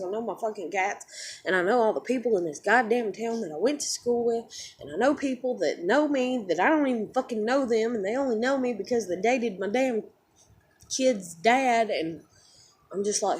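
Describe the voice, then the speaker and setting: A woman's voice: on the high side, moderate pace, husky. A young woman who just woke up, tired and close to tears, rambling in an upset, swearing vlog rant full of fillers. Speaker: vlogger.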